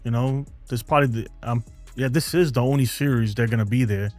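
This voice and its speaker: A man's voice: medium pitch, fairly quick, darkish tone, faint music behind. Laid-back New guy chatting baseball. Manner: laid-back, laughs often, says "man" and "bro" a lot. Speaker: baseball fan channel host. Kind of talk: casual live-stream chat reading viewer comments. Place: home.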